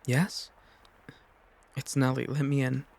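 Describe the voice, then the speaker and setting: A man's voice: medium pitch, little pitch movement, slow pace, vocal fry, darkish tone. A man voicing a frightened fourteen-year-old noble girl, anxious and scolding herself. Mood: probing.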